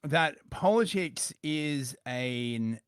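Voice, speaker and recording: A man's voice: fairly high pitch, lively intonation, drawn-out words, a crowd in the background. A man from Britain, a guest in a casual political chat, talking in a chatty way and often tagging his points with "right?". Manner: chatty, many restarts, tags "right?".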